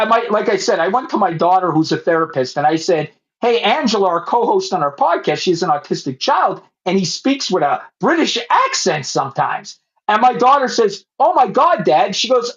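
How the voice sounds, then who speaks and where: A middle-aged man hosting a podcast in casual chat, excitable and stumbling over repeated words. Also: high voice. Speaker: podcast host. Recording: muffled lo-fi phone audio.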